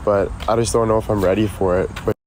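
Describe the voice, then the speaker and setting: A man live streaming as he walks outside, chatting with viewers in an excitable, profane way. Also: lowish voice, fast, low-quality recording. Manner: profane, excitable, talks to chat. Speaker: livestreamer. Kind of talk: casual live stream chat. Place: outdoors near a road. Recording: outdoor street noise.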